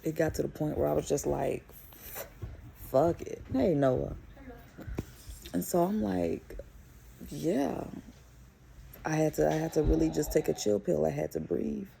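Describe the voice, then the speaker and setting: A young woman and mother telling a story to camera in a casual, animated, profane way. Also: deep voice, normal speed, vocal fry, a little hiss or hum. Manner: animated, profane, emphatic retelling. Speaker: vlogger and mother.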